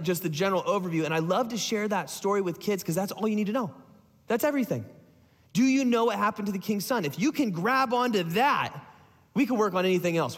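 A pastor preaching a sermon, retelling a story in a casual, joking way. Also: male voice, high voice, long reverb tail.

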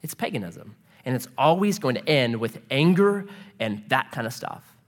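Man, pastor preaching, animated storyteller, lively swooping pitch, long hall echo. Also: moderate pace. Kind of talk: sermon. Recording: reverberant hall.

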